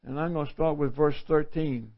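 A man's voice: a little high, fairly even intonation, moderate pace. A male preacher giving an earnest, conversational sermon full of rhetorical questions. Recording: dull lo-fi recording.

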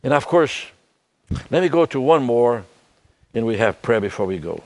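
Older man preaching, halting and soft. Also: medium pitch, sing-song. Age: 70s. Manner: halting, repeats words, drops to soft tones. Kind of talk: sermon.

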